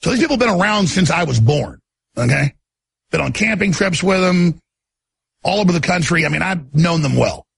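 A man telling a story on a podcast in a casual, animated way, acting out the people in it. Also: fairly high pitch, a little fast, no room sound. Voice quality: gravelly, raspy. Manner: animated, acts out voices in his story.

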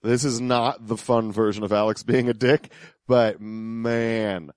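A man's voice: mid-range voice, fairly even intonation, takes it slowly, darkish tone, no echo. Guy cohosting a podcast, lots of uhs and restarts, dead dry close mic. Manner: hesitant, many fillers and restarts. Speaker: podcast co-host. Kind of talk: casual commentary on radio clips.

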